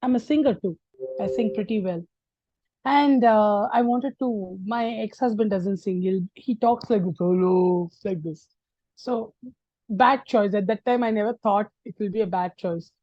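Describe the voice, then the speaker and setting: A middle-aged woman with an Indian English accent telling her life story as a guest, animated and acting out the people she quotes. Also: mid-range voice, moderate pace, dry recording, highs cut off. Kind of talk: personal storytelling.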